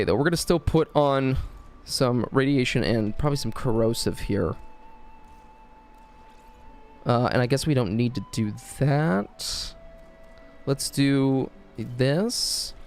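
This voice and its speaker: A man's voice: mid-range voice, measured pace, darkish tone, faint music behind. A man streaming a video game, chatting casually in a crude, jokey, rambling way. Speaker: gaming streamer. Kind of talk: casual livestream chat while gaming.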